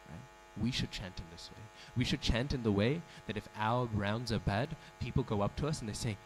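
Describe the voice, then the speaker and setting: A man's voice: medium pitch, brisk, hardly any pauses, a little hiss or hum, poor audio. A man giving a devotional class in a temple, telling a story, acting out the quoted speech and asking the audience questions. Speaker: speaker giving a scripture class. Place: temple hall.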